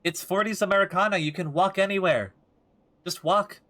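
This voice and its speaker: A man's voice: high voice, moderate pace, sharp tone. A young man streaming a game and chatting jokingly with his viewers. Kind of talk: casual gameplay commentary.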